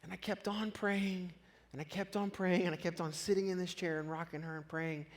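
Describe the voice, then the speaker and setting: A pastor preaching a sermon, telling a personal story with earnest honesty and swelling louder as his feelings rise. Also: sits high, fairly even intonation, fairly quick.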